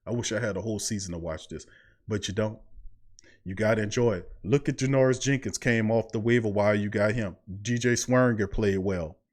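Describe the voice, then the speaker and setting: A man's voice: fairly low pitch, a little fast. Fired-up man preaching sports. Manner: preachy, repeats phrases, heavy Southern US slang. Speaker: sports podcast host. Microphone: studio mic.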